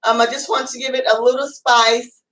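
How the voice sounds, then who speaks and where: A woman's voice: a little high, flat delivery, moderate pace, fairly bright tone, far from the mic. A woman hosting a casual home cooking show, chatting and rambling as she cooks, with plenty of fillers. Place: home kitchen. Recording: echoey room, away from the mic.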